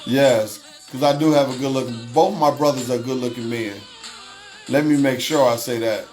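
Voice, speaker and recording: A man's voice: medium pitch, normal speed, darkish tone, soft background music. A man hosting a casual livestream, reading chat aloud, swearing freely and laughing often. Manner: profane, laughs often, repeats himself.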